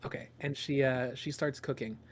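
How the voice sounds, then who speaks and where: A man narrating a tabletop game as game master, halting with lots of ums and restarts. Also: mid-range voice, steady tone, slight background noise. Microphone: podcast microphone.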